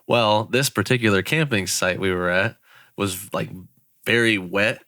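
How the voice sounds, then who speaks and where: A young man co-hosting a podcast tells a story in a bright, forceful voice, laughing and swearing as he goes. His pitch sits a little low, and the recording is close and dry, with no room sound. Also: unhurried, no echo. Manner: laughing, swearing, animated retelling. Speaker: podcast co-host. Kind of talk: casual storytelling.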